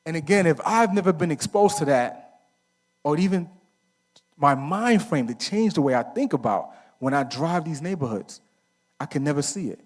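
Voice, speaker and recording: At a men's conference, a middle-aged man with a fairly high-pitched voice speaks animatedly at normal speed. The talk is casual and story-filled; he questions the audience and answers himself, relying on slang and fillers such as "right?"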